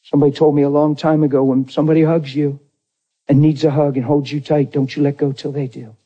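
A man preaching a personal testimony, acting out the dialogue, swinging from near shouts to hushed tones. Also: a little high, flat delivery, quick pace, dull audio. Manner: acts out dialogue in his story. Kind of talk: testimony sermon.

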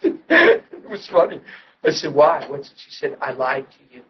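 A man with a high voice preaches his testimony, going from quiet asides to raised, emotional retelling. The recording sounds dull and a little distant from the mic. A faint hum of ambience sits behind him. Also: huge pitch swings, measured pace. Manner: emotional storytelling, swings from hushed to loud. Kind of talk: testimony sermon.

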